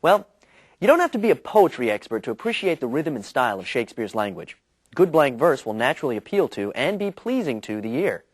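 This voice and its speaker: A man's voice: mid-range voice, very animated, a little fast, no echo. A man giving a conversational, scripted educational narration. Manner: conversational, explanatory.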